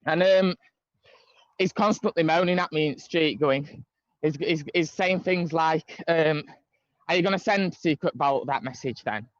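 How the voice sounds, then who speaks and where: A man's voice: on the high side, unhurried, no room sound, lo-fi sound. Rambling man on a call. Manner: rambling, many fillers and restarts. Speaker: guest caller. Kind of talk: casual storytelling chat. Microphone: video call.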